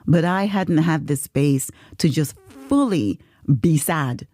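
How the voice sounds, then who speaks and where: Lively, expressive woman chatting. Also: low-pitched, takes it slowly, dry recording, studio quality. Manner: expressive storyteller, laughs often. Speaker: podcast co-host. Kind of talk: casual podcast chat.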